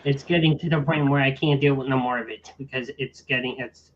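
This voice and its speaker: A man's voice: mid-range voice, fairly even intonation, fairly quick, highs cut off, a little hiss or hum. A young man, a college student, complaining wearily about his workload. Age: young adult. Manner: weary complaining.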